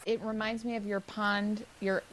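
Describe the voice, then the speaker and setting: A woman's voice: mid-range voice, level tone, normal speed, rough recording. A woman hosting a podcast, asking long, enthusiastic, rambling questions. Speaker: podcast host. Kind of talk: podcast interview.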